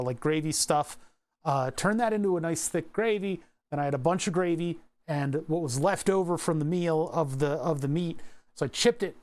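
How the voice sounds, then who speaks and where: A man chatting casually on a livestream from his home workshop, rambling and often restarting his sentences. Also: fairly high pitch. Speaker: streamer.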